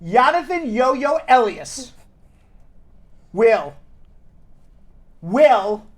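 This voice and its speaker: A man's voice: very high voice, sing-song, extremely slow. A man in his forties hosting a live talk show, joking and chatting casually as he reads out viewer names. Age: 40s. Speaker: talk show host and lawyer.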